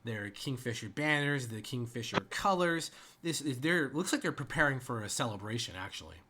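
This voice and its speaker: A man narrating as game master of a tabletop game, often halting and restarting. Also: mid-range voice, expressive, pushed and bright. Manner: halting, stuttering in-character delivery.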